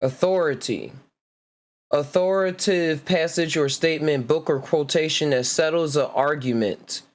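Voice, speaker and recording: A man hosting a podcast, reading out word origins slowly in a laid-back way and laughing often. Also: on the high side. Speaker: podcast host. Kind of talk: casual solo chat reading etymology.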